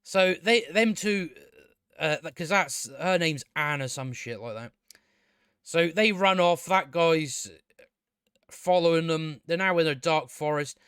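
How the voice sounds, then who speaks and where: A man's voice: a little high, a little slow, fairly bright tone, clean tone, no room sound, clean studio sound. A man casually reviewing a show, exasperated and sweary, rambling with many restarts.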